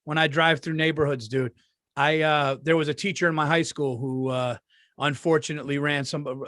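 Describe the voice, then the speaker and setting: A man's voice: fairly high pitch, steady tone, moderate pace, fairly bright tone, dry recording, clean studio sound. A man co-hosting a podcast, bantering casually with laughter and swearing. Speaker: podcast co-host. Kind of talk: casual chat.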